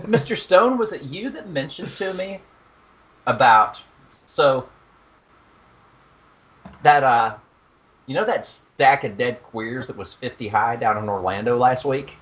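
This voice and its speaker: A young man co-hosting a podcast in casual chat, animated and profane, laughing at his own jokes. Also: medium pitch, slow pace, pauses often, muffled recording. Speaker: podcast co-host.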